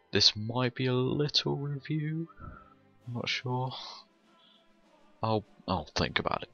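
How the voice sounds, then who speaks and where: A man's voice: mid-range voice, animated, takes it slowly, gravelly, pauses often, pushed and bright, dull audio, soft background music. A young British man giving rambling, casual gameplay commentary, swearing a lot and chuckling often.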